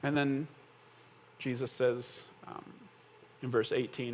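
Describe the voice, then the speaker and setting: A man's voice: mid-range voice, flat delivery, takes it slowly, slight background noise. A male pastor preaching a conversational sermon, asking the congregation questions and acting out quoted voices. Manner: conversational, acts out scenes with quoted voices, asks the audience questions.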